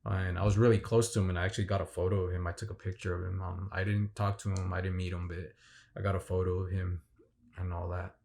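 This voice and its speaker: A man's voice: low voice, level tone, fast talker, vocal fry, darkish tone, slight background noise. A man recounting a fan signing event in a rambling, enthusiastic casual vlog, full of fillers and restarts. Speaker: vlogger.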